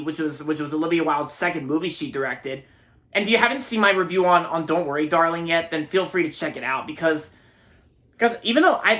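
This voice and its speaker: Early 20s guy reviewing a movie, crisp bright tone, keeps repeating himself. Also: on the high side. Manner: rambling, repeats himself often. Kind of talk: casual unscripted movie review.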